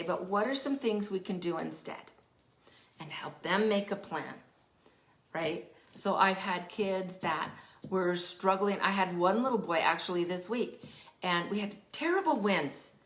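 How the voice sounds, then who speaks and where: Speaking unhurriedly in a lowish voice with a roomy sound, this Denver-area teacher and parenting specialist offers relaxed advice. She animatedly voices quoted children and parents and lowers to a whisper to make a point.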